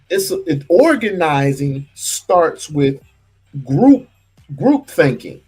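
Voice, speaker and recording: Animated man hosting a livestream. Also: on the high side, husky. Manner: animated, stammering restarts and repeated words. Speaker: livestream host. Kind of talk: casual livestream commentary.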